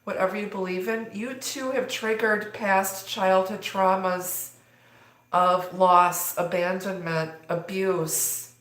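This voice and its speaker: A woman's voice: mid-range voice, steady tone, slow pace, a bit bright. A woman giving a live tarot reading, talking in a rambling way with many fillers. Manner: rambling, filler-heavy delivery. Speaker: tarot reader. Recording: echoey room.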